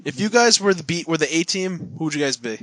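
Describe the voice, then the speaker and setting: A man's voice: on the high side, lively intonation, fast, fairly bright tone. A man in casual podcast chat, telling rambling jokey stories. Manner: rambling, joking storyteller.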